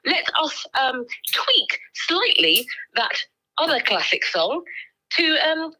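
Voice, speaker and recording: A woman's voice: sits high, very animated, takes it slowly, bright, forceful tone, rough recording. A woman co-hosting a casual livestream, reading out viewer comments in a playful, giggly way with lots of ums.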